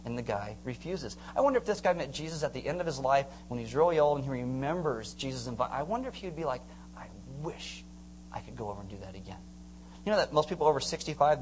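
Animated, joking pastor preaching. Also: mid-range voice, quick pace, few pauses, a little hiss or hum, rough recording. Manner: animated storytelling, acts out voices with humor; conversational, casual slang. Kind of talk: sermon.

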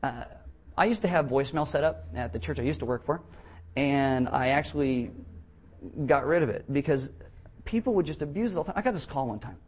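A man's voice: mid-range voice, animated, brisk, husky. Blunt, joking male pastor preaching. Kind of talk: sermon. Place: church, before a congregation.

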